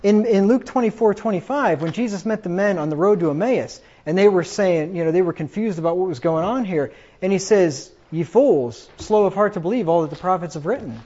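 A man preaching a sermon, quoting scripture emphatically and getting louder on the quotes. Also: high-pitched, expressive, brisk, hardly any pauses. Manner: emphatic, rises loud when quoting scripture. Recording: dull lo-fi recording.

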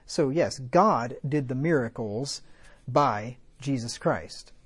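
A man's voice: medium pitch, expressive, slow pace, slightly rough. A man preaching a sermon, reading scripture aloud and asking rhetorical questions, building to fervent emphasis. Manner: conversational asides with rhetorical questions.

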